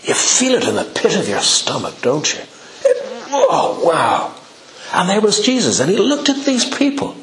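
A man's voice: medium pitch, a bit bright. A man preaching a sermon, telling a Bible story with rhetorical questions and acted-out quotes. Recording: echoey room.

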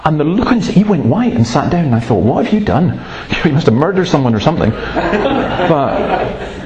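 A man's voice: fairly high pitch, big pitch swings, normal speed, dull audio, a crowd in the background. A man preaching a sermon in an earnest, emphatic way, breaking off to tell stories. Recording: roomy, echoey room sound.

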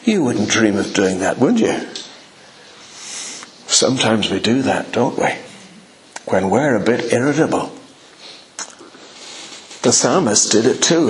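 A man's voice: medium pitch, very animated, a little slow, pauses often, slight background noise. A man preaching a sermon, telling a Bible story with rhetorical questions and acted-out quotes. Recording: echoey room.

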